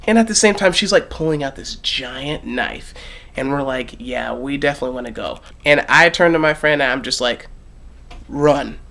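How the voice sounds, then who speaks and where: A young man vlogging, telling a story animatedly and swinging between loud bursts and hushed asides. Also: fairly high pitch. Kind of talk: casual storytelling vlog.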